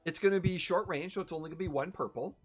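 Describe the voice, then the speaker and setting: A game master running a tabletop game, talking in a chatty, halting way with many fillers. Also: medium pitch.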